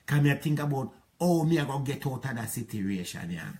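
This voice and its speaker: A middle-aged man with a Jamaican accent rambles through an aggrieved, patois-inflected monologue about a past relationship. His mid-range voice is expressive and a little mellow, and he speaks a little fast.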